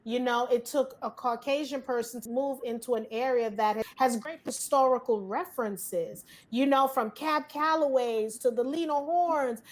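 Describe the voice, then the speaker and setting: A high-pitched woman talks casually as a host. She tells stories with energy and slips into acting out both sides of a conversation. Her speech is loose and colloquial. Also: moderate pace, few pauses. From Brooklyn, New York. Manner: animated storytelling, acts out dialogue, colloquial. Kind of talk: casual discussion.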